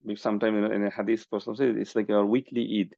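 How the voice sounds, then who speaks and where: Gravelly male teacher, patient, keeps checking understanding; dull dry lo-fi mic. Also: fairly low pitch, level tone, quick pace, dark tone, dry recording. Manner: explains patiently, many "okay?" checks. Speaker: Quranic Arabic teacher. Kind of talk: online class lecture.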